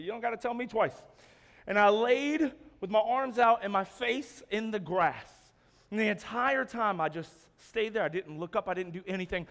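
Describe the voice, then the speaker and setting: A man telling a first-person story to listeners, lively and checking in with frequent "okay?" asides. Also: sits high. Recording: long reverb of a large hall.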